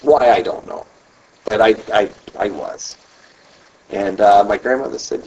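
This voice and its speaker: A man giving an earnest personal faith testimony, talking haltingly and repeating himself. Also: lowish voice, a little mellow, slight background noise. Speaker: speaker sharing his testimony. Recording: distant, dull mic.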